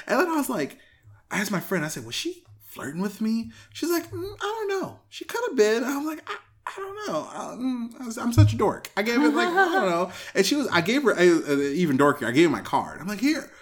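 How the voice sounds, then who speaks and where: A man's voice: sits high, very animated, fast talker. A young man hosting a podcast in casual chat, swearing and laughing often as he acts out voices of people he talks about. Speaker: podcast host. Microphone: headphones on, podcast mic.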